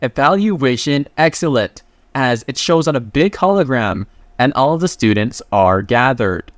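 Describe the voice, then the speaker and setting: With a mid-range voice and lively intonation, this man takes his time, and the recording has no room sound. He's a manhwa recap narrator, retelling a comic story in a chatty, slangy, casual manner and reading the characters' lines as he goes.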